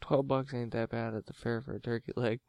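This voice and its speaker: A man's voice: mid-range voice, level tone, a little fast, a little mellow, dry recording. A man co-hosting a late-night podcast, chatting casually with a profane, rambling manner and frequent laughter. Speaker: podcast co-host.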